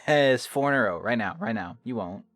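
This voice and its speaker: A man's voice: lowish voice, lively intonation, fairly bright tone, dry recording. A man from the Southern US co-casting a game stream in a casual, playful way. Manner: playful, quick to laugh along. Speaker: tournament co-caster.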